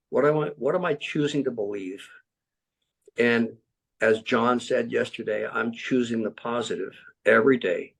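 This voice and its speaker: A man's voice: mid-range voice, gravelly. A middle-aged man candidly sharing life stories in an earnest, frank way, filled with "you know" and acted-out quotes. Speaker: speaker sharing life lessons. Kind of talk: candid personal storytelling.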